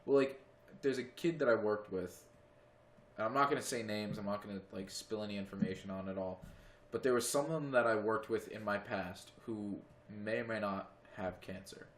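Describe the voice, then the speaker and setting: A man's voice: lowish voice, normal speed, reverberant. A man co-hosting a podcast in casual chat, rambling with lots of "like" and plenty of swearing, recorded in a friend's home. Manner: rambling, heavy use of "like", swears freely. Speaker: podcast co-host.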